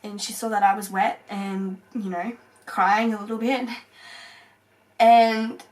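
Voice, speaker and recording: A young woman from Australia tells a personal story to camera, halting and tearful, with many fillers and pauses. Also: medium pitch, little pitch movement, darkish tone, far from the mic, rough recording. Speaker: vlogger.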